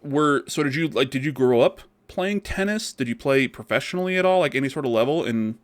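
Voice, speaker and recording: A man hosting a podcast, casual and jokey, quick to laugh while he chats with his guest. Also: mid-range voice, animated. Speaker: podcast host. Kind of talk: casual interview chat.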